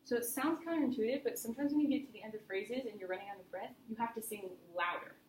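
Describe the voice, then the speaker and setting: Woman voice coach, encouraging and chatty, higher voice, roomy studio with faint hiss. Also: quick pace. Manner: chatty and encouraging, explains with imagery. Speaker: voice teacher. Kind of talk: private singing lesson instruction.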